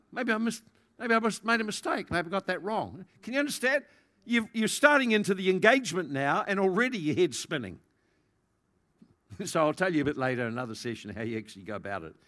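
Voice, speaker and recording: Animated man preaching with big swings. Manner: animated, acts out quoted voices, big swings in pitch and loudness. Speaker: pastor. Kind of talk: sermon.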